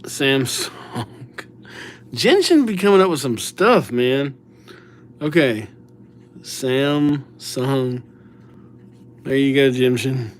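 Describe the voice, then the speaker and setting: Man, unhurried delivery, casual live-stream chat, chatty, reads names aloud. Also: mid-range voice, animated, slight background noise. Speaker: livestreamer writing viewers' names.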